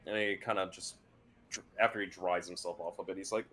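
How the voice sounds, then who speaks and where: A man narrating a tabletop game as game master in a relaxed, conversational way. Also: sits low, fairly quick, soft background music.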